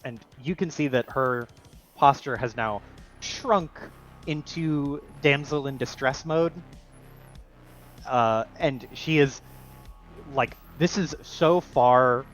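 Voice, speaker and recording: A man's voice: mid-range voice, fairly bright tone. Laid-back man narrating as game master. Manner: casual, filler-heavy narration.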